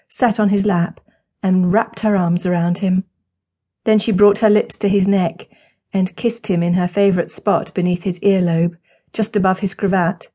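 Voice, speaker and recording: Warm, mellow woman narrating an audiobook. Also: mid-range voice. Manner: measured, gentle storytelling. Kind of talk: scripted narration.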